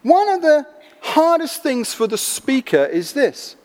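A man with a high voice preaches to a gathered crowd. He tells his story in a lively, expressive way. His voice rings with the long echo of a large hall. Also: unhurried. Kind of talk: sermon storytelling.

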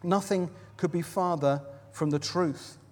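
A man with a high voice preaches a sermon at a baptism service from a platform in a large venue. He tells Bible stories with flair, dramatically quoting and swinging his loudness. The sound carries a long hall reverb. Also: unhurried.

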